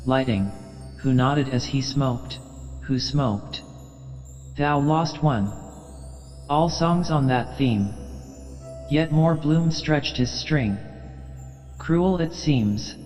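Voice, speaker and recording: A man narrating an audiobook in a slow, measured reading. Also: medium pitch, darkish tone. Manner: measured, unhurried reading with long pauses. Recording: long reverb with faint music.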